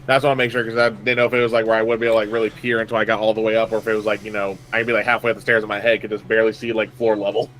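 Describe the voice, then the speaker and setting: A man's voice: fairly low pitch, level tone, rapid-fire, hardly any pauses, a bit bright, a little hiss or hum. A man playing a tabletop game, rambling with many fillers and restarts as he plans his character's moves. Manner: rambling, full of likes and restarts. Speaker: player. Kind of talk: casual tabletop play.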